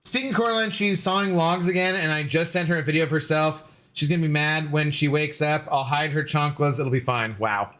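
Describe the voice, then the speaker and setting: A man's voice: on the high side, fairly even intonation, brisk, few pauses, pushed and bright. A man in his forties streaming a game and rambling through stories in casual chat, loose with fillers and swearing.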